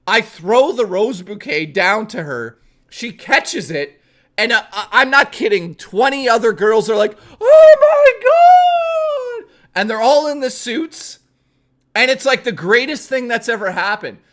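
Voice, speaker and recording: A high-voiced man spinning a yarn on his stream. He talks casually and animatedly, swears freely, and keeps insisting the story is real. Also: expressive, measured pace, bright, forceful tone.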